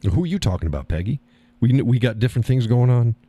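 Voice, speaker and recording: A man's voice: mid-range voice, expressive, fast talker, warm tone, breathy edge, no room sound. A man hosting a live stream, chatting casually and reading the chat, folksy and easygoing, often repeating his own phrases.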